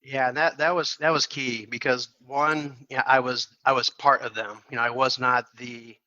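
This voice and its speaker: Guest: a man with a very bright, forceful voice and restless restarts, recorded dry and a little dull. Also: medium pitch, normal speed, no echo. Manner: repeats words and restarts often, animated retelling. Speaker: podcast guest, accounting firm CEO. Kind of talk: storytelling in a casual interview.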